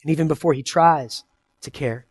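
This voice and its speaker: Earnest, higher-voiced male pastor. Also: moderate pace, husky. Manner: earnest and conversational, swinging between loud emphasis and soft asides. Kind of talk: sermon.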